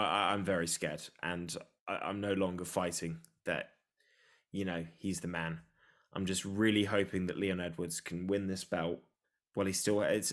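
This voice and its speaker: A man with a low, deep voice talks in a loose, excitable way, joking as he goes. It sounds like an easy chat among friends on a podcast. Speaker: podcast co-host. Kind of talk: casual sports chat.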